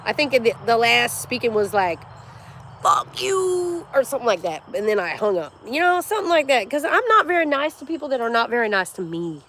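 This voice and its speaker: Speaking quickly with hardly any pauses, this fortysomething livestream host has a fairly high-pitched voice. She tells stories with animation in a casual, blunt, profane way, and a slight hiss or hum is audible.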